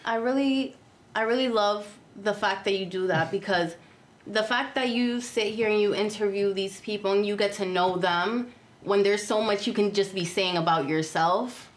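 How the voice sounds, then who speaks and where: A woman's voice: mid-range voice, normal speed. A woman chatting casually in an interview, effusive and full of compliments. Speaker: guest interviewer.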